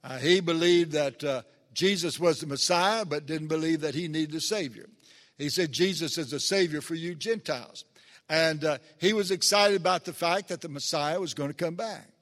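A man's voice: on the high side, moderate pace, a bit bright. A man preaching a sermon, earnest and rising to emphatic peaks when he reads scripture. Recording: long reverb of a large hall.

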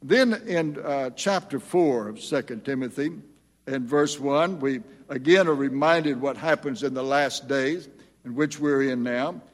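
A man's voice: medium pitch, a little slow, big-room sound. An older man preaching a sermon as pastor, earnest and emphatic as he reads scripture.

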